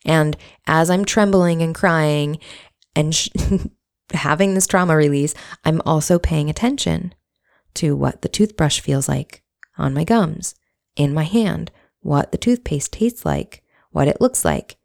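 A woman's voice: sits low, expressive, measured pace, creaky, darkish tone. A woman candidly telling a personal story in a reflective, casual monologue, swearing now and then.

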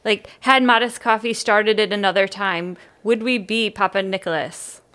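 A woman's voice: mid-range voice, fairly even intonation, moderate pace, a bit bright. A woman co-hosting a casual podcast, telling a story with frequent laughs and restarts. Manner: giggly, tells a story with many restarts. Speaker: podcast co-host. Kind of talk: casual chat.

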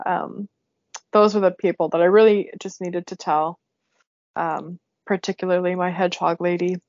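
A woman's voice: on the low side, steady tone, moderate pace, a little mellow, no room sound. Young woman, casual podcast chat, laughs a lot, emotional, muffled lo-fi audio. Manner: chatty, laughs often, emotional. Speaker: podcast host. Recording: dull lo-fi sound.

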